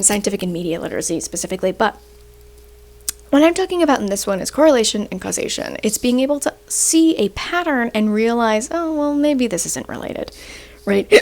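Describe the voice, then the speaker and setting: A young woman with a slightly high voice talks in a loose, chatty way and keeps tagging her points with "right?". She has the hiccups as she explains, and she sounds like a student ranting to the camera. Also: a little mellow. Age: young adult. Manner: chatty, tags sentences with "right?". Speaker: university student. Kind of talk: casual explainer rant.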